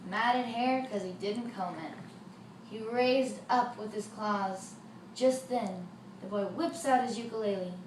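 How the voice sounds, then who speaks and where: Using a medium-pitched voice, a woman tells a folk tale for children and adds lively sound effects. She's a storyteller, heard through a distant mic in a roomy recording with faint noise.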